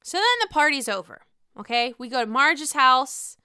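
A woman's voice: high voice, lively intonation, moderate pace, bright, forceful tone, smooth, no echo, studio quality. A young woman hosting a casual, profane, gossipy recap of a reality show, full of gasps and exclamations.

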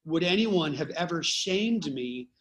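Middle-aged man, a touch high-pitched; podcast co-host; reflective, candid storyteller. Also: expressive, measured pace, a bit bright. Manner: reflective, openly emotional storyteller. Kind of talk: casual conversation.

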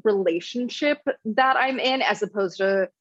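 A young woman guest on a podcast, chatting casually and telling stories with quick silly voices for quoted lines. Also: mid-range voice, no room sound, highs cut off. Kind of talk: casual chat.

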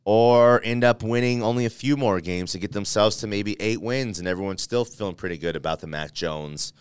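Male sports talk host, animated and joking, smooth voice, dry close recording. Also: fairly low pitch, fairly quick, no echo. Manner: animated, playful, thinks aloud with restarts. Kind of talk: casual sports debate.

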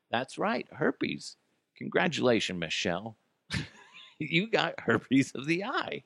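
A man rants comically about the news, swearing freely and mocking people in sudden high voices. His tone is gravelly and his pitch swings all over the place. The recording is dry and close, with no room sound. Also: a bit bright, dry recording. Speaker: comedic commentary host. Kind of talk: profane comedic news rant.

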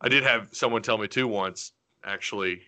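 A man from Arkansas with a mild Arkansas accent, hosting a casual sports podcast in an animated, joking way. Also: lowish voice, normal speed, smooth. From Northwest Arkansas. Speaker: podcast host.

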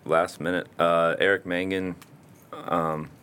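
Deep-voiced laid-back man chatting. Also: level tone, takes it slowly, pushed and bright, clean tone. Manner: laid-back, rambling, swears and laughs often. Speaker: muralist guest. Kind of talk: casual chat.

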